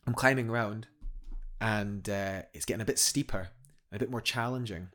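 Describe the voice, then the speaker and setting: A man's voice: fairly low pitch, normal speed, fairly bright tone. A man, a guest telling a climbing story in a casual podcast chat, enthusiastic and rambling with many restarts.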